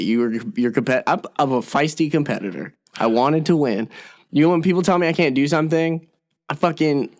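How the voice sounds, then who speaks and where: Animated, swearing young man telling stories. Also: a little high, brisk. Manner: animated, profane, acts out quotes. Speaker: podcast co-host, actor. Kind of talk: casual comedy chat, storytelling.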